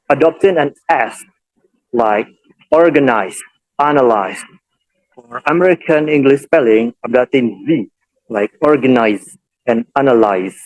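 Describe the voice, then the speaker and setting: A man's voice: medium pitch, darkish tone, dry recording, rough recording. Man plainly reading a lesson, dry sound. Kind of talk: reading a class presentation.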